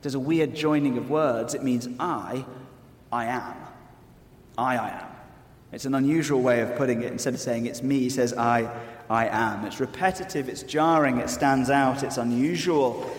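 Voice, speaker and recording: A man's voice: medium pitch, moderate pace. A man preaching a sermon, earnest and explanatory with wry asides. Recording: echoey hall with long reverb.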